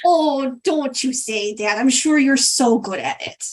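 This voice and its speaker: Casting: fussy, pushy older lady, woman game master doing the voice; very high, sing-song, sugary. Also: animated, measured pace. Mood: doting. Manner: sing-song, calls everyone dear. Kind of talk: tabletop role-play.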